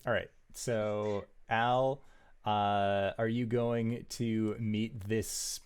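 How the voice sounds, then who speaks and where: A man's voice: on the low side, flat delivery, very slow, clean tone. A man narrating a tabletop game as game master, describing scenes at length with many fillers.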